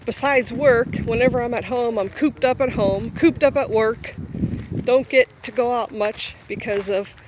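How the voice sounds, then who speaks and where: A chatty woman from Ohio films herself walking through a park, rambling and laughing between thoughts. She is slightly out of breath as she walks quickly with a handheld phone. Steady wind and outdoor noise wash across the recording. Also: on the high side. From Boardman, Ohio. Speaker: vlogger. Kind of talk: casual walking vlog. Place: outdoor park, windy day. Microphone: handheld phone camera while walking.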